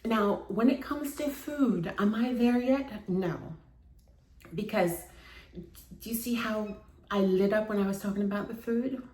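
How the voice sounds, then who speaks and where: Slow, earnest woman in an echoey room. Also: mid-range voice, a little mellow. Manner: earnest, emotional, repeats phrases for emphasis. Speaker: fitness vlogger. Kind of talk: personal confessional vlog.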